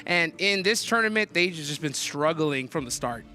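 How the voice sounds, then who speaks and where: Bright, high hype man analyst. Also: lively intonation, normal speed, soft background music. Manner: hype-filled, loud catchphrases. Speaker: esports co-analyst. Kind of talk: esports analysis commentary.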